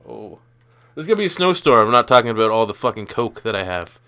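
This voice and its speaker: A man's voice: on the low side, big pitch swings, quick pace, pushed and bright, smooth. A young man from Canada giving loose, profane, rambling commentary over his own football video game. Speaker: gaming YouTuber. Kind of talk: casual gameplay commentary.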